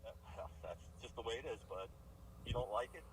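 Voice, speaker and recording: A man's voice: medium pitch, lively intonation, moderate pace. A man in a heated outdoor argument, blunt and angry, repeating himself. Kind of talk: heated doorstep confrontation. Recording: outdoor recording from a distance with street noise.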